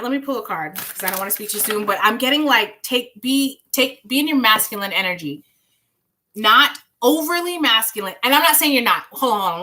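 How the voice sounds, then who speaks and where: Doing tarot readings on a live stream, a young woman talks straight to her audience, chatty, rambling and reassuring, sometimes singing snippets of songs. She speaks at a medium pitch with a sharp tone.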